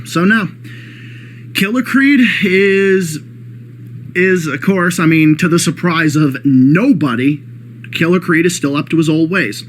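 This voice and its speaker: A man's voice: a little high, measured pace, slight background noise. A man hosting his own channel, giving a sarcastic, profane rant in response to a clip. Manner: sarcastic, profane, heated ranting. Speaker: channel host. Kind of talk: reaction rant commentary.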